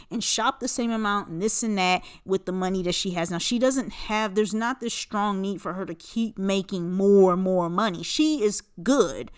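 A woman in her forties hosts a casual solo podcast in a mid-range, clean-sounding voice. She's blunt and profane, rambling along with lots of filler words.

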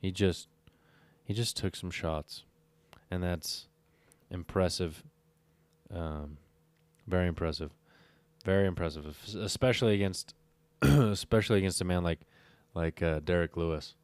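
A man's voice: low voice, clean tone, no room sound. A tired man casually recapping fight records on his own, rambling and correcting himself as he goes. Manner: rambling, self-correcting, often stops to recheck fight records. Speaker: MMA fight recap host. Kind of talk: casual solo commentary.

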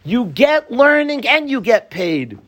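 A man's voice: extremely high pitch, sing-song, takes it slowly, a bit bright. A man teaching a Torah class to students, pleading and passionate, joking with them at times.

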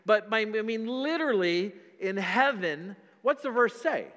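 A man's voice: sits high, expressive, a little slow, few pauses, fairly bright tone, big-room sound. A man, a pastor, preaching a dynamic sermon and calling out to his congregation as church.

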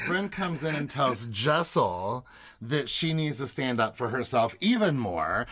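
A man co-hosting a podcast, chatting casually and recapping a reality TV episode, animated and laughing often. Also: mid-range voice, slow, long pauses. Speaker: podcast co-host.

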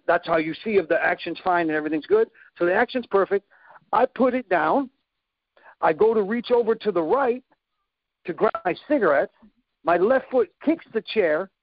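Male storyteller, high animated voice with gravel, acts out sound effects; dry, slightly muffled recording. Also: dry recording. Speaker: guest telling a story. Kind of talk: casual storytelling.

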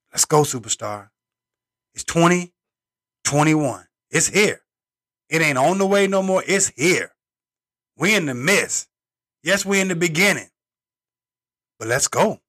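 A man hosts a motivational podcast, delivering a monologue of punchy, repeated slogans with a preacher's emphasis. He swings between loud bursts and low asides.

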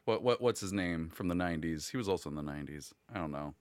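A man's voice: low voice, expressive, fast, smooth, no echo, clean studio sound. A man hosting a casual podcast chat with friends, rambling and laughing often. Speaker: podcast host.

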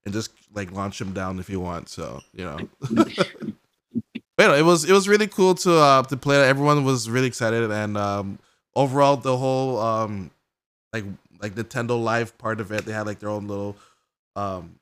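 A man's voice: fairly low pitch, moderate pace, clear, resonant tone. A man co-hosting a casual gaming podcast, rambling through an event recap with lots of "like" fillers and acted-out reactions. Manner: rambling, heavy use of "like" fillers; excitable storytelling, acts out characters' reactions. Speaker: podcast co-host. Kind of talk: casual chat.

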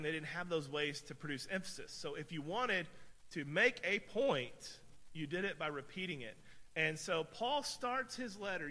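A man's voice: a little high, pushed and bright. A man preaching a sermon from the pulpit in a conversational, emphatic way, often repeating words as he builds a point. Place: church sanctuary. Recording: long church-hall reverb.

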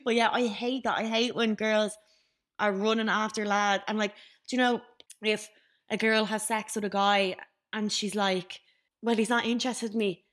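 A young woman co-hosts a podcast and tells a story in casual chat, speaking at normal speed. She's animated and acts out the voices of the people in it with big jumps in pitch.

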